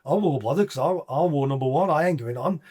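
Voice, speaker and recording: Husky Black Country man telling stories. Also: on the high side, fast talker. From English Black Country. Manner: swearing, animated anecdotes with sound effects. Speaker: podcast guest, former footballer. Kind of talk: casual storytelling.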